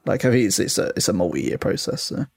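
A man talking tech in a relaxed, hedging way on a casual panel podcast. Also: fairly low pitch, fast, creaky, breathy edge, no echo, clean studio sound. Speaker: tech editor, podcast guest.

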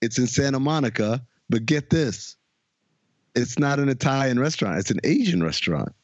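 A man's voice: mid-range voice, moderate pace, muffled recording. A man hosting a casual podcast chat, retelling a TV episode with jokes and laughter. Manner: animated, laughing, jokey storytelling. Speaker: podcast host.

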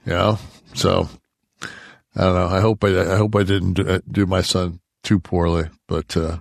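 A low, gravelly man talking loosely on a podcast, swearing freely as he wanders through a story. The sound is dry and close, with no room around it. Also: little pitch movement, normal speed, dry recording. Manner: profane, rambling storytelling. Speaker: podcast co-host. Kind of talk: casual podcast chat.

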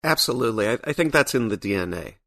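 A man's voice: mid-range voice, animated, fast, bright, forceful tone. A man being interviewed as a comic book writer, speaking thoughtfully with a dry, wry sense of humor. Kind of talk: casual podcast interview.

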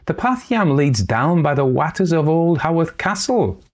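A man lifts his voice into a giddy young farm girl from the northern moors, speaking thick Northern English dialect. She rushes through her tale, eager and starry-eyed, in a voice pitched well above his usual low tone. A storybook reading with bright excitement. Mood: excited. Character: Laura, eager foolish young country girl.

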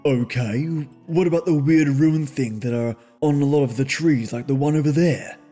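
A man voicing an easygoing, unbothered young man who speaks slowly and relaxed. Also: mid-range voice, faint music behind, close to an everyday voice. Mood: laid-back.

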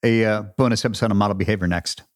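A man's voice: on the low side, steady tone, rapid-fire. A man co-hosting a podcast, telling stories with a laugh and poking fun at himself in a casual chat. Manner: laughing, storytelling, self-deprecating. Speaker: podcast co-host.

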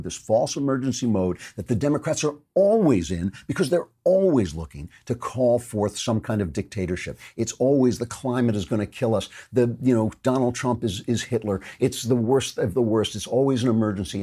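A man's voice: lowish voice, dark tone, slightly rough. A man hosting a political commentary show, delivering a sarcastic, mocking opinion monologue.

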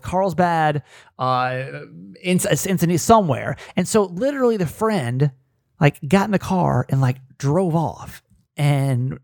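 A middle-aged man hosting a podcast, telling a story casually and animatedly, jumping up in pitch as he acts out the people he quotes. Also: creaky, no room sound, studio quality. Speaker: podcast host.

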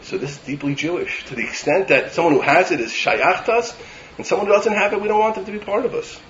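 A man delivering a sermon as a rabbi, animated and building to emphatic lists. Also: high-pitched, quick pace, lo-fi sound, very noisy.

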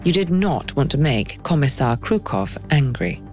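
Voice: mid-range voice, big pitch swings, moderate pace, a little mellow, soft background music. A documentary narrator reading a scripted story with dramatic pacing and rhetorical questions.

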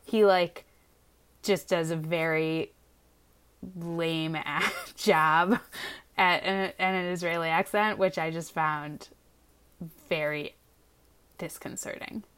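A woman's voice: fairly low pitch, fairly even intonation, slow pace, long pauses, a bit bright, clear, resonant tone. A woman co-hosting a casual chat, talking frankly with lots of hedging and filler words. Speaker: podcast co-host reviewing a TV show.

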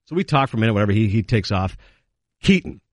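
A man in casual chat, telling quick, animated anecdotes and acting out the quotes. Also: lowish voice, no echo. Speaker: guest.

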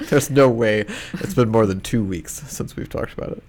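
A man's voice: lowish voice, a little slow, a little mellow, slight background noise. A man co-hosting a podcast in casual chat, rambling and hesitant with a dry manner. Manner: rambling, hesitant, many fillers and restarts, dry. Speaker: podcast co-host.

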